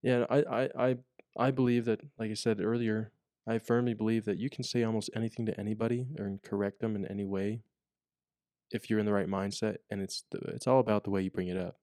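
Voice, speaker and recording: A man's voice: fairly low pitch, level tone, quick pace, mellow, no echo, studio quality. A young man chatting casually on a podcast, rambling with lots of fillers and restarts. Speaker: podcast co-host, corrections officer. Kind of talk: casual chat.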